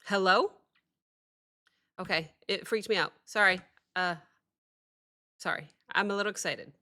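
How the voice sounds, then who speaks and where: A bright, clear-toned woman reacts to a song in casual commentary. She is excitable and thinks out loud, breaking off now and then to apologize, at an ordinary middle pitch. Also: a little slow. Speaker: reaction video host.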